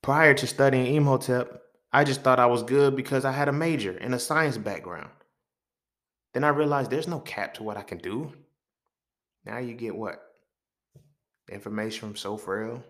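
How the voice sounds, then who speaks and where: A young man hosting his own podcast, talking alone in a heated, profane monologue that rises to near-shouts and then drops low. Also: normal speed, long pauses. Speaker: podcast host. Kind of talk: impassioned solo monologue.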